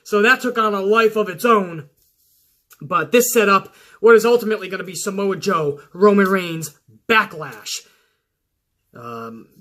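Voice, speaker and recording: Animated high-voiced man ranting. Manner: animated, profane, sarcastic. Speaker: wrestling commentary host. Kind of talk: casual rant.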